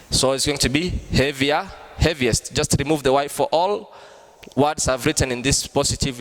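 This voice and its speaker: A man teaching an online grammar lesson, explaining slowly and repeating himself. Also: medium pitch, fairly bright tone, big-room sound. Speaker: English teacher.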